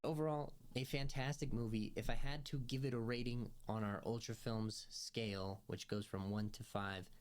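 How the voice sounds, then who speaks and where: A man's voice: medium pitch, steady tone, moderate pace, hardly any pauses. A man giving a casual movie review, rambling with many fillers and restarts. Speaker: film reviewer.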